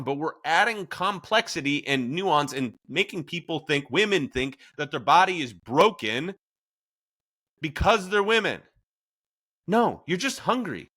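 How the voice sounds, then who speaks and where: A man hosting a casual podcast, his voice bright and forceful and sitting a little high for a man. He talks in lively swings, telling stories with animation and slipping into the voices of the people he quotes. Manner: animated storytelling, acting out quoted lines. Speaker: podcast host.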